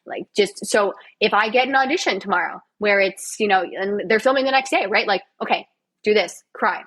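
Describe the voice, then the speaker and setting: A woman's voice: mid-range voice, brisk, a bit bright, rough recording. A woman, a physiotherapist and actor, guesting on a podcast in casual, self-mocking, sarcastic chat.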